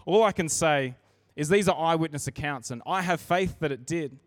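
An earnest man preaching a sermon in a church, his voice sitting a bit high for a man. He talks in a conversational way and restarts his sentences as he goes. The recording is dry and close, with little room sound. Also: normal speed, no echo.

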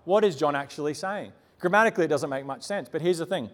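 A man's voice: a little high, quick pace, hardly any pauses, in a large hall. A man preaching a sermon as a pastor, telling personal stories with earnest, emphatic repetition.

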